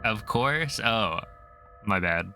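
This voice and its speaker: A man's voice: on the low side, lively intonation, takes it slowly, pushed and bright, slight background noise. A man streaming a video game, chatting casually and joking back and forth with his chat at a desk mic. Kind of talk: casual chat while gaming.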